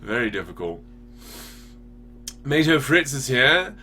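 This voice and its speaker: A man's voice: mid-range voice, very animated, slow pace, bright, forceful tone, slightly rough. A man hosting a casual talk show, ranting with swearing and rhetorical questions. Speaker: podcast host. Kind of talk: casual political chat.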